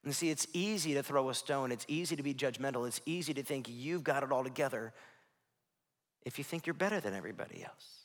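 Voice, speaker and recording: A man's voice: mid-range voice, fairly quick. A man, preaching a sermon as pastor and building his points into emphatic, rising lists. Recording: long reverb of a large hall.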